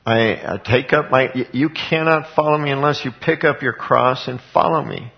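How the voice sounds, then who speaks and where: A man's voice: medium pitch, normal speed, gravelly, dull audio. A man teaching from the Bible in an informal, emphatic way, asking rhetorical questions and answering them himself. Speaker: street evangelist and Bible teacher.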